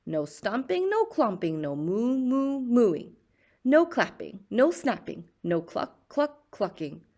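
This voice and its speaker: A woman reading a children's picture book aloud in a slow, expressive storyteller's voice. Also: a little high.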